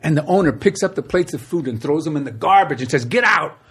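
Man, guest comedian, husky voice, lively pitch, casual storytelling, swears a lot. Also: quick pace. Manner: animated, acts out quoted voices.

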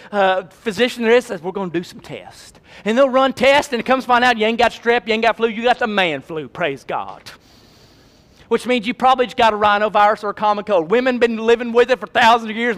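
Male pastor, very high voice, sermon that swings from shouting to hushed, folksy humor. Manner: swings between shouting and hushed near-whispers; folksy Southern phrasing, humorous asides.

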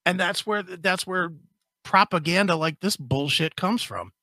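A man's voice: sits high, unhurried, bright, forceful tone, no echo. A man co-hosting a podcast, reading an article aloud and mocking it with crude, sarcastic asides. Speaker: podcast co-host. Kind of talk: casual podcast banter.

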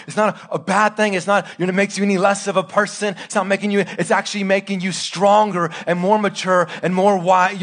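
A man in his thirties preaching a live sermon, swinging between loud urgent bursts and quiet, intimate asides and asking the congregation direct questions. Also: high-pitched. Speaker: pastor.

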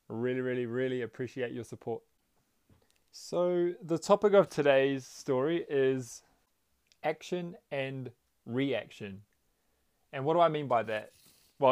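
Slow-talking man telling a story. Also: mid-range voice, a little mellow, clean tone. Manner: friendly, earnest, with fillers. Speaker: podcast host and storyteller. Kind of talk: casual storytelling podcast.

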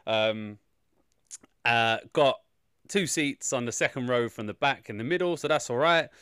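Male co-host, wry exaggerating storyteller, mid pitch, dead dry mic. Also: a little slow, fairly bright tone, smooth, dry recording. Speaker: podcast co-host. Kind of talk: casual chat.

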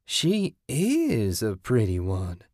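A man's voice: mid-range voice, huge pitch swings, a little mellow, no echo, studio quality, voice pushed up, heavily acted. A man voicing a weathered older woman squatter with a coy, purring way of talking. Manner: purring, drawn-out.

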